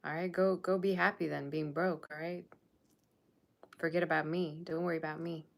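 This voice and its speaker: Speaking at a moderate pace with a low, creaky voice and flat delivery, a tarot reader of Persian Russian background talks casually to her viewers. She is blunt and sassy, criticizing their standards.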